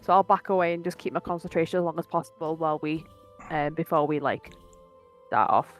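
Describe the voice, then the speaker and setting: Lower-voiced woman playing a tabletop game. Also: brisk, soft background music. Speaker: player. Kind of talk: casual tabletop game play.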